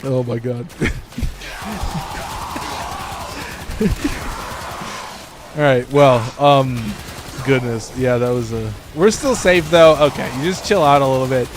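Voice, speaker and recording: A man's voice: medium pitch, moderate pace, over music. A man streaming a game, talking casually with lots of fillers and restarts. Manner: rambling, full of fillers and restarts. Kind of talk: casual gameplay commentary.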